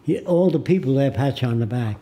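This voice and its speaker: Man in his nineties, from the United States, deliberate storyteller, mellow dark tone. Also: medium pitch, lively intonation. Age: 90s. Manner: deliberate storyteller who acts out the people in his stories. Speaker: guest. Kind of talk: storytelling in a studio interview. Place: studio.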